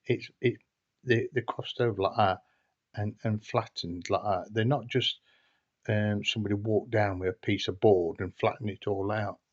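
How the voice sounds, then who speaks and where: A man's voice: fairly low pitch, steady tone, normal speed. A man telling a story casually, in a hesitant, rambling way with frequent restarts. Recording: dull lo-fi recording.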